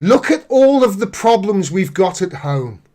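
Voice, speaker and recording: A man's voice: sits high, very animated, unhurried, mellow. A man hosting a live political commentary stream, reading news aloud and reacting with indignant sarcasm.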